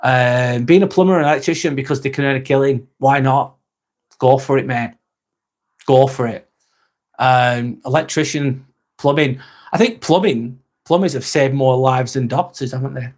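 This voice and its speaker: Casting: man, 40s, relaxed live-chat host, swears casually, reads viewer comments aloud. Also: mid-range voice, moderate pace. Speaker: livestream host.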